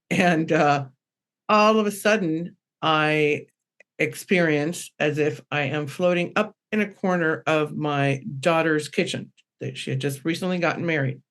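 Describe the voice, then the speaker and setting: A woman's voice: low-pitched, unhurried. Rambling woman medium telling stories. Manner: rambling, animated, with restarts and acted-out quotes. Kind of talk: storytelling on a podcast panel.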